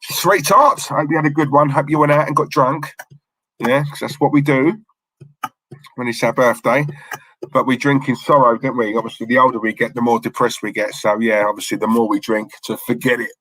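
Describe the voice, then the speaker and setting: A man's voice: medium pitch, steady tone, a little fast, a bit bright, slightly rough, no echo, low-quality recording. A young man with a London-Essex accent, chatting casually on a livestream and reading out the chat in a laddish, jokey way. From London area, England. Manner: laddish, jokey, says mate a lot.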